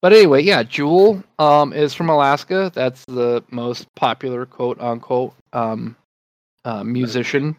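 Cursing rambling podcast guy, mid pitch, dry close mic. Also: measured pace, dry recording. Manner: loose, profane, rambling banter. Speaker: podcast co-host. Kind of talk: casual chat.

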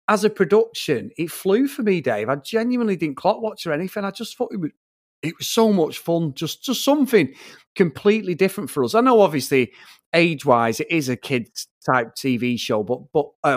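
A man co-hosting a podcast, chatting casually and swearing as he retells funny film scenes, slipping into quick put-on voices. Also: a little high, no echo, studio quality. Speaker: podcast co-host reviewing films. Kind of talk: casual film review chat.

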